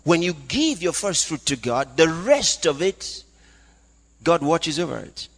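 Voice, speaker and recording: A man's voice: on the high side, sing-song, measured pace. A man preaching a fervent sermon, breaking into praise between his points. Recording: long reverb of a hall.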